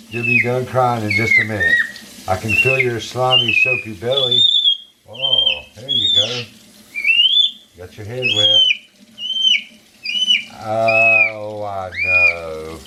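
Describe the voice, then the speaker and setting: Man, pet vlogger, cooing baby talk, slow pace, loud water noise in a bathroom. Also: mid-range voice, huge pitch swings. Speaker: pet monkey owner and vlogger. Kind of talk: casual vlog narration while bathing a pet.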